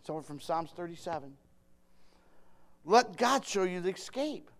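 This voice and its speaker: A man preaching a sermon, talking straight to his congregation, joking with them and swinging from quiet asides to loud emphatic bursts. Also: high-pitched, lively intonation, a little slow.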